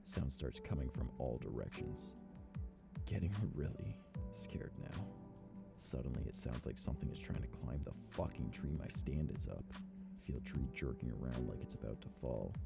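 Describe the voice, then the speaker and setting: A man reading a creepy story aloud in a quiet, hushed low voice, as a frightened hunter. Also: lively intonation, moderate pace, gravelly, loud music behind the voice, heavily acted. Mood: hushed, tense. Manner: quiet, low, close to a whisper. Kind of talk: hushed horror story narration.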